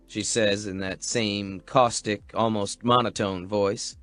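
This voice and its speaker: Slow, measured male audiobook narrator. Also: on the low side, fairly even intonation, a bit bright, faint music behind. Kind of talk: first-person romance audiobook narration.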